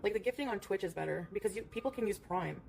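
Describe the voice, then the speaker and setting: A woman's voice: mid-range voice, animated, fast, vocal fry, darkish tone, slight background noise. A woman streamer chatting casually in a rambling way, full of fillers, and cooing at her cat between remarks. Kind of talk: casual livestream chat.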